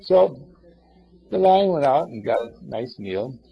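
Gravelly folksy storyteller man. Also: mid-range voice, very animated, a little slow. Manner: folksy, meandering, talks to listeners. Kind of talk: casual oral storytelling. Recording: dull lo-fi recording.

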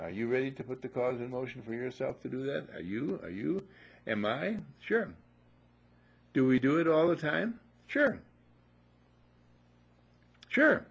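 A man's voice: mid-range voice, vocal fry, slightly rough. An older man telling folksy stories in a casual motivational talk, repeating upbeat affirmations. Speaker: motivational speaker.

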